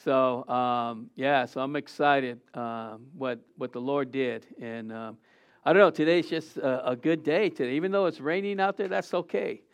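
A man's voice: medium pitch, moderate pace, clear, resonant tone. Man preaching a loose, rambling sermon. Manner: rambling, with many fillers and restarts; voice swells on quoted lines. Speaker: pastor. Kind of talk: casual Easter sermon.

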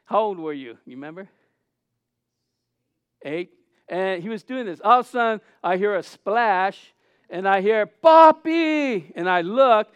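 A middle-aged man preaching a sermon as pastor, earnest with halting restarts, rising to loud cries. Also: high voice, smooth, dry recording, highs cut off.

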